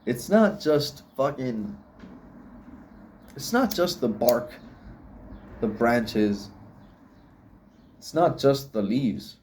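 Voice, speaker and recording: Slow-talking, profane rambling man. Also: mid-range voice, very animated, darkish tone. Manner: profane, laughing, philosophical rambling. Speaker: vlogger. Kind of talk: rambling casual monologue.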